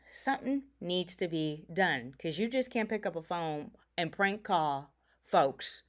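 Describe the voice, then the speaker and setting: A woman hosting a casual talk radio show, animated and sassy, laughing often as she chats with listeners. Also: mid-range voice. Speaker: radio and stream host.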